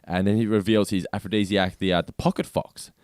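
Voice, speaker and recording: A man's voice: deep voice, fairly even intonation, fairly quick, darkish tone, smooth, dry recording, studio quality. A man co-hosting a podcast, recapping episode scenes in a chatty manner and laughing easily. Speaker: podcast co-host. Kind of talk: casual review chat.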